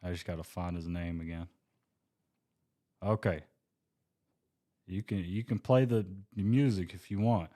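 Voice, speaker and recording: A man's voice: sits low, steady tone, a little slow, long pauses, dark tone. A man co-hosting a casual podcast, joking and hyped as he talks in bursts. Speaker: podcast co-host.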